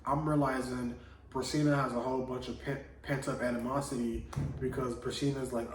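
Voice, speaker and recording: A man's voice: medium pitch, flat delivery, normal speed, heavy background noise. A man vlogging, telling a personal story in a loose, slangy casual monologue full of "like". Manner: loose slangy delivery, heavy on "like". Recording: echoey room, voice from a distance.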